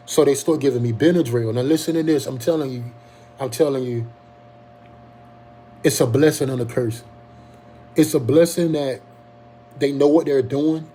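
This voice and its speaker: A young man speaks in a warm, mellow voice at an ordinary pitch. His telling is earnest and halting, full of ums and restarted sentences. A faint hum sits underneath the recording. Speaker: Covid survivor telling his story. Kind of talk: casual personal testimony.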